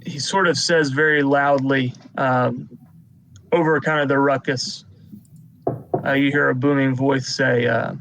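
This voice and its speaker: A man with a gravelly edge to his voice runs a tabletop game as game master. He walks through each combat turn at an unhurried pace, with a faint hiss of noise under him. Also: mid-range voice, fairly even intonation, fairly bright tone, poor audio. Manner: unhurried narration of combat turns.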